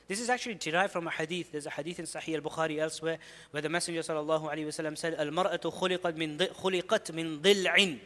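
A man giving an earnest religious lecture, explaining his points and reciting Arabic scripture quickly between them. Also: high voice, fairly bright tone, big-room sound. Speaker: Islamic preacher.

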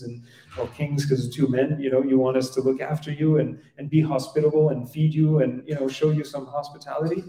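A man's voice: mid-range voice, level tone, a little fast, dark tone, roomy sound, far from the mic, low-quality recording. A man teaching in a conversational storytelling way, acting out the dialogue and often checking in with "right?". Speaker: religious teacher. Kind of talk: storytelling sermon.

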